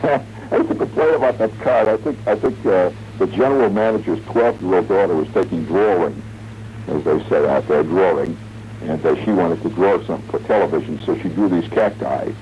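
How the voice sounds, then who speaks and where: A man's voice: sits low, fairly quick. A man in his forties telling a long, wry, rambling story as a radio host, humming tunes and mimicking sounds along the way. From American Midwest. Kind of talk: late-night radio monologue. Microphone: studio radio mic. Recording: dull, muffled 1970s radio broadcast with faint hiss.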